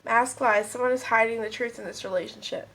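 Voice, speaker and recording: Woman tarot reader, slightly high voice, stuffy nose, rambling and chatty with viewers. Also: fairly even intonation, fairly quick, creaky, a bit bright, slight background noise, poor audio. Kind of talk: casual pick-a-card tarot reading. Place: at home with kids and a puppy nearby.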